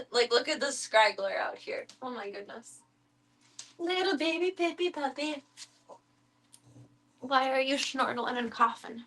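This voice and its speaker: A woman's voice: on the high side, pushed and bright. A woman chatting casually on a live stream from her home, switching into cooing baby talk for her pets and making wry asides.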